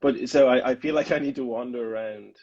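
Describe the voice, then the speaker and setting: A man's voice: medium pitch, fairly even intonation, a little fast, a little mellow, lo-fi sound. A man hosting a casual interview chat, rambling and playful with many restarts. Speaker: podcast host. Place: Amsterdam.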